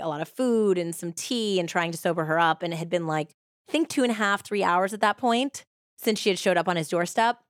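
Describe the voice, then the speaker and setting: Woman podcast host, casual storyteller, slightly low pitch, dry close sound. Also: dry recording. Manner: chatty, lots of "like" fillers. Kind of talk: casual true-crime storytelling.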